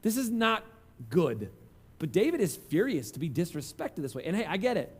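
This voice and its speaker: A man's voice: high-pitched, very animated, normal speed, slightly rough. A man preaching a conversational sermon, telling self-deprecating stories. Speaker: pastor.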